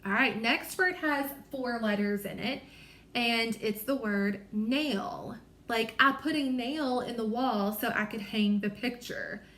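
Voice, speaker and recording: A woman reading teacher leading a small-group phonics lesson, sounding out letters slowly and carefully, encouraging and apologetic. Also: fairly high pitch, a bit bright, reverberant.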